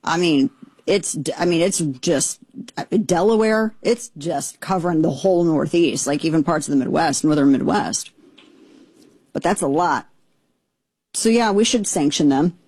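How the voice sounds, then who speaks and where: Indignant woman host, lowish voice, dry close sound, exasperated rambling commentary. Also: a little slow, a little mellow, husky, no room sound. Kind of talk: opinionated commentary.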